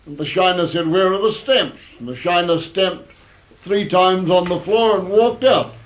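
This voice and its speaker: A man's voice: sits high, moderate pace. A man telling old anecdotes in a wry, rambling way, in a dull lo-fi recording. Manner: wry, rambling, with fillers and restarts. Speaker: storyteller. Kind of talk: anecdotal storytelling.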